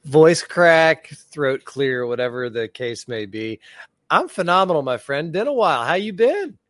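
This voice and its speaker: A man co-hosting a casual podcast, talking in an excitable, animated way. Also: a little high, measured pace, no echo, studio quality. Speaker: podcast co-host. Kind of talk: casual chat.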